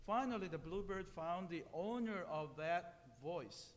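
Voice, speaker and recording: A male minister telling a story during a sermon, pausing to explain it and often restarting his words. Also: high voice, expressive, slight background noise. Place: temple hall. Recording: long hall reverb.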